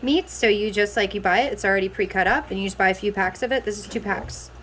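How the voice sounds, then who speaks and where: A woman's voice: mid-range voice, fast talker, fairly bright tone, a little hiss or hum. A young woman chatting casually in a busy family home, teasing and rambling as she works in the kitchen. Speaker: vlogger. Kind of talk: casual home vlog chat.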